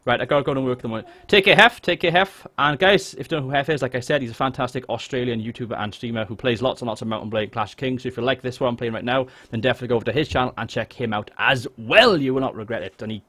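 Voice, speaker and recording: A man with a Welsh accent chatting jokily and excitably while livestreaming a game, swearing now and then. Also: mid-range voice, racing, few pauses. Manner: excitable, jokey, swears freely. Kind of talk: casual live gameplay chat. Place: home room.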